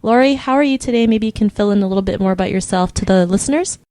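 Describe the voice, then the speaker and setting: A woman's voice: mid-range voice, dry recording, clean studio sound. A woman hosting an interview, asking questions and affirming her guest's answers. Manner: warm and affirming, quick praise. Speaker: podcast host. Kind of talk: casual interview chat.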